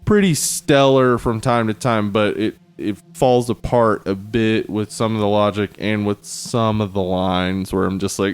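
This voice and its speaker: A man's voice: on the low side, measured pace, few pauses, smooth. A man co-hosting a horror movie podcast, chatting casually and jokily, with some swearing. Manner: relaxed, jokey, swears casually. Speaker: podcast co-host.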